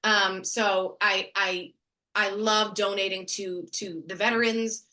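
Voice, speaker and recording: A woman with a bright, ringing voice talks eagerly and expressively in a casual interview. Her tone lifts with enthusiasm as she shares her thoughts. She is heard through a video call microphone. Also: medium pitch, fairly even intonation, slow pace. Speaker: guest, actress and speaker.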